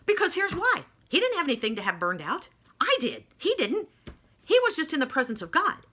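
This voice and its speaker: A woman telling a personal faith testimony, emotional and animated, with folksy asides. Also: high voice, brisk. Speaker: speaker sharing faith testimony.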